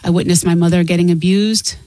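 A woman's voice: lowish voice, fairly even intonation, fast, mellow, no room sound, rough recording. Middle-aged woman, frank and sincere interview guest, close dry sound. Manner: candid, earnest, laughs easily. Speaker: guest author and singer. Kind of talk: casual interview talk.

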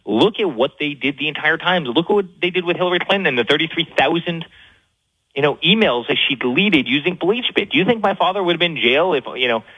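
A man talking as a guest in a fast talk-show interview, stumbling over repeated words and fillers with rising indignation. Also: a little high, expressive, husky, lo-fi sound.

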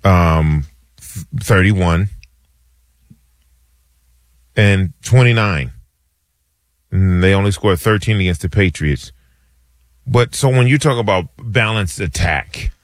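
Slow, low-voiced male radio co-host. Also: no echo, clean studio sound. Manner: laid-back, halting, casual slang. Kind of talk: sports talk radio chat. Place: radio studio.

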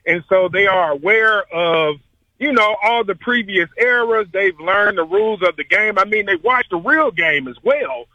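A man's voice: sits high, no echo, dull audio. A man from Memphis, calling into a sports radio show to chat playfully. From Memphis, US South. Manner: chatty, playful, fast-talking. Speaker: caller.

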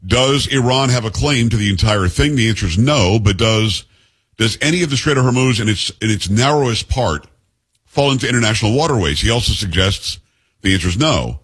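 Talk radio host, man, husky voice, emphatic and punchy. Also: fairly low pitch, lively intonation, a little fast, fairly bright tone. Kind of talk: political talk radio monologue.

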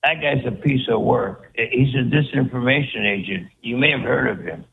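A man's voice: mid-range voice, moderate pace, vocal fry, breathy edge. A man calling in from California to a talk show, talking in an emphatic, scornful way. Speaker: caller. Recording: tinny phone line.

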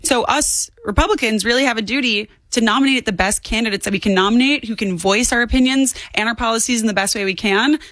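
A woman's voice: fairly high pitch, fast talker, hardly any pauses, fairly bright tone, no echo. A woman in her twenties, a guest on a talk radio show, speaking in an emphatic, opinionated way. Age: 20s. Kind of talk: political talk radio chat.

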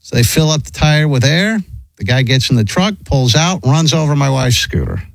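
A man's voice: a little high, moderate pace, gravelly, dry recording, rough recording. A middle-aged man telling a long, rambling story in casual chat, with many restarts. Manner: rambling, animated, frequent restarts.

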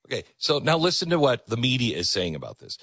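A man's voice: mid-range voice, huge pitch swings, fast talker, gravelly, a bit bright, slightly rough, dry recording. A man hosting a show, giving emphatic commentary on clips he plays. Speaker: host.

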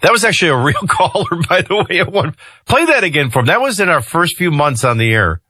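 A man's voice: a little high, lively intonation, fast talker, pushed and bright, slightly rough, no echo. A man hosting a talk radio show, giving conversational commentary with jokey asides into a studio mic.

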